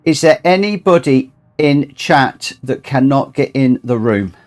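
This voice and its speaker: A man's voice: medium pitch, animated, unhurried, a little mellow. Emotional man thanking his stream. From United Kingdom. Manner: choked up, grateful, repeats himself. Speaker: livestream host and racing gamer. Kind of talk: emotional livestream chat.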